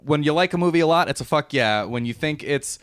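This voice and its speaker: A man's voice: fairly high pitch, lively intonation, fast, fairly bright tone, clear, resonant tone, no room sound. A man hosting a casual movie chat with friends, bantering and laughing. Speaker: host.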